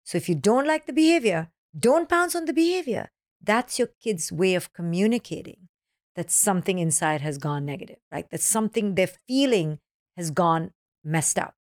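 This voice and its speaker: A woman being interviewed as a parenting author, with a fairly low voice. She talks animatedly and slips into children's voices when quoting them. The recording is dry and close. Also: expressive, moderate pace, no echo. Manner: explains with acronyms. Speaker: parenting author, podcast guest. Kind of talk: podcast interview.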